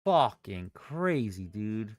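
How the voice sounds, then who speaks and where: A young man with a lowish voice and big pitch swings livestreams his day trading, speaking slowly as he curses and vents in exasperated outbursts. The sound is clean studio audio with no echo.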